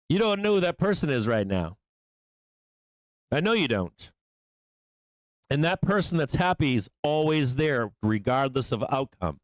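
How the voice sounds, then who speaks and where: A man's voice: on the high side, no echo. A man hosting a live trading show, talking through the market in a blunt, rambling, profane way.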